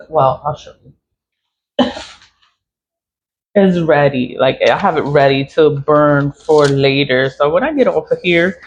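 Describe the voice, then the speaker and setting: Man, casual self-recorded talk, repetitive and laughing, higher voice, dull low-fi sound. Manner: rambling, repeats himself, laughs often. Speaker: spiritual vlogger. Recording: dull lo-fi sound with faint noise.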